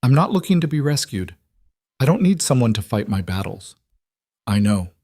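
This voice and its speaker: A man's voice: mid-range voice, big pitch swings, normal speed, darkish tone, dry recording, clean studio sound, voice pushed up. A man voicing a guarded, worn-down young woman in a bar who halts and breaks off mid-sentence. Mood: resolute.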